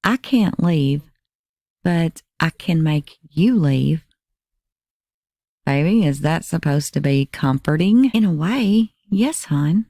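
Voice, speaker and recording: Crime narrator, female: deep, mellow read of text messages, dry close sound. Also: animated, takes it slowly, dry recording. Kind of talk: reading text messages aloud.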